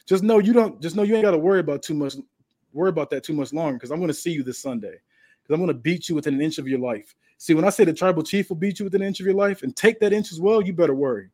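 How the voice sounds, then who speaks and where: A man's voice: fairly high pitch, rapid-fire, dark tone, lightly acted. A man voicing a menacing, boastful male wrestling champion who threatens his rival. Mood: threatening.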